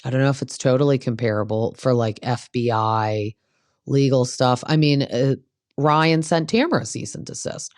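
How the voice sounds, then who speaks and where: A woman's voice: a bass voice, normal speed, darkish tone, no echo, clean studio sound. A woman hosting a casual gossip recap of reality TV, blunt and opinionated, who swears freely.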